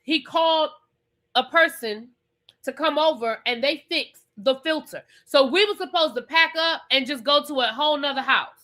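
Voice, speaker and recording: Brief: woman TV reviewer, casual recap, emphatic and repetitive, swears, fairly high, bright voice. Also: normal speed. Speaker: TV review vlogger.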